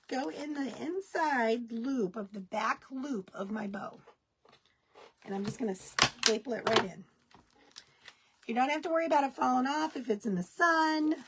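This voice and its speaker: A woman's voice: on the high side, slight background noise. A woman hosting a live craft tutorial, chatting folksily with viewers as she works. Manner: baby talk to her dogs. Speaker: craft kit host.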